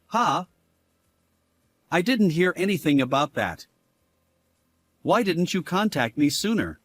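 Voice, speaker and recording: A flustered, deceitful husband, played by a man, stammers and hedges in a dramatized story. His voice sits fairly high for a man and swings widely in pitch, with slow, halting delivery. The sound is close and dry. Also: sing-song, a bit bright, dry recording, full character voice. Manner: hesitant, stammering.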